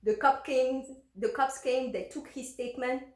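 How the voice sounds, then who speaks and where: A woman tells a personal story in a loose, chatty vlog style, her voice sitting a little high. She pauses and restarts often. The room around her is noticeably echoey. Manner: chatty, lots of fillers and restarts. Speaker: vlogger.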